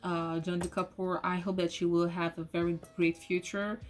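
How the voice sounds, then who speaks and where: Excitable woman reviewing a movie. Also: on the low side, normal speed. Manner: excitable, swears often, restarts sentences. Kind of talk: casual spoken movie review. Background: soft lofi music.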